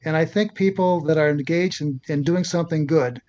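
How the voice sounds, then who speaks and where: A man's voice: fairly high pitch, a little mellow, highs cut off. Older man telling a story. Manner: earnest, halting with frequent restarts. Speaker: physician and author. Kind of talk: storytelling in an interview.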